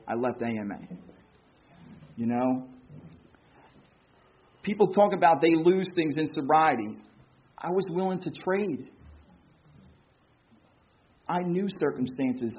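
A man's voice: on the high side, muffled recording, slight background noise. A man giving a personal recovery testimony, candid and self-mocking, acting out what others said to him. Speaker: speaker sharing his recovery story.

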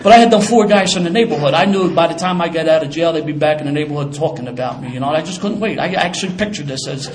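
An older man tells his story fast, in a casual, streetwise way. His voice sits a little high for a man. Faint room sound runs underneath. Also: a little hiss or hum. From Philadelphia. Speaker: former police officer. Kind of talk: personal storytelling.

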